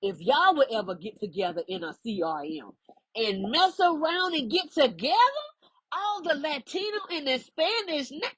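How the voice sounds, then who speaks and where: A woman's voice: high voice, sing-song, moderate pace, fairly bright tone, no echo, low-quality recording. Emphatic preachy woman coach, dry close sound. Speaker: spiritual life coach. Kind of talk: direct-to-camera monologue.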